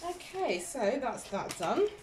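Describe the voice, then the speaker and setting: A woman's voice: on the high side, sing-song, slow, heavy background noise. Chatty woman doing a tarot reading. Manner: chatty, rambling, self-deprecating, with fillers and laughs. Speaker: tarot reader. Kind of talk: casual tarot reading to camera.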